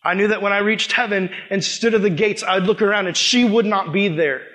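A young man as youth pastor, preaching a sermon with animated storytelling that acts out the dialogue. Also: high voice, brisk.

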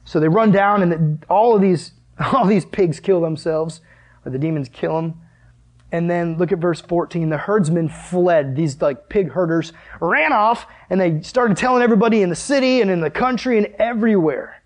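A man's voice: high voice, normal speed. A young man preaching a sermon in an earnest, conversational way, full of rhetorical questions. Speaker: pastor.

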